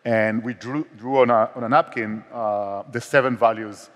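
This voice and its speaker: A man's voice: medium pitch, fairly even intonation, moderate pace, fairly bright tone. A man with an Israeli accent, a startup founder speaking candidly on a conference stage, with frequent restarts. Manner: candid, self-deprecating, many restarts. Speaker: startup co-founder and CEO, guest. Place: conference stage in a large hall. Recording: long hall reverb.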